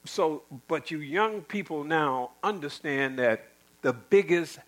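Man, middle-aged, high-pitched, preacher, sermon, emphatic, repetitive, folksy. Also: lively intonation, takes it slowly, low-quality recording.

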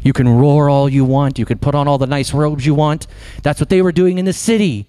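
A man preaching a sermon as pastor, impassioned, swinging from loud emphatic lines to slow hushed ones. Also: fairly high pitch, steady tone, smooth, no room sound.

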